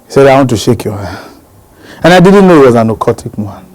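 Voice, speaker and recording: A man's voice: medium pitch, very animated, fast talker, dry recording, rough recording. A man preaching a sermon, leading the congregation in repeated commanding declarations and call-and-response. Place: church service. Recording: loud church crowd behind.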